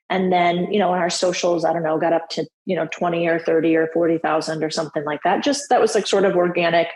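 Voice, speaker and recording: Candid woman guest, low voice, roomy sound. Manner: candid, laughs easily, lively quoting. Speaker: podcast guest. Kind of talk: casual interview talk.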